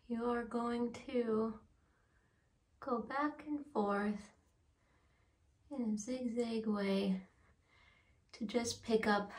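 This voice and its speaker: A woman's voice: on the high side, darkish tone. A woman chatting through a home how-to vlog, self-deprecating and laughing at herself. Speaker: beauty vlogger. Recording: roomy echo, mic at a distance.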